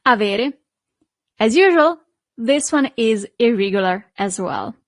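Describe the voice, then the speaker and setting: A woman teaching an online language lesson, talking slowly and drawing out model words for her students to repeat. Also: fairly high pitch, expressive, no room sound. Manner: slow, drawn-out model pronunciations for repeating. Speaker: Italian teacher.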